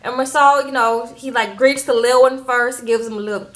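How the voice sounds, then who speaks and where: A young woman chatting through a reality show recap, sassy and animated, often asking "okay?" and acting out the people she talks about. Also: fairly high pitch, a little fast. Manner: animated, sassy, acts out quotes in voices, says "okay?" a lot.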